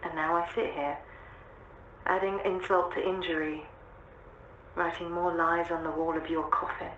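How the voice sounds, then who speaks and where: An actress voicing a guilt-ridden woman, low voice. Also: flat delivery, normal speed, a bit bright, roomy sound, muffled recording, slight background noise, lightly acted. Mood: remorseful. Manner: bitter, regretful, resigned.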